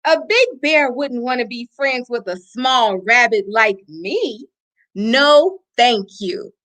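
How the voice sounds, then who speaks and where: A woman voicing a timid, suspicious small rabbit in a storybook reading, asking in a high anxious voice. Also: animated, slow pace, fairly bright tone.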